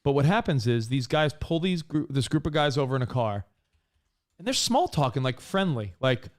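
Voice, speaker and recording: A man co-hosting a casual talk show, telling stories in an earnest, animated way. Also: mid-range voice, normal speed. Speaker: co-host. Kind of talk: casual radio-podcast banter.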